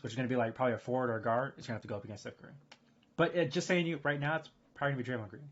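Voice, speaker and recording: Guy rambling fast on his stream, kinda husky, muffled audio. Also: mid-range voice. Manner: rambling, excitable, lots of fillers and restarts. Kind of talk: casual chat to a live stream.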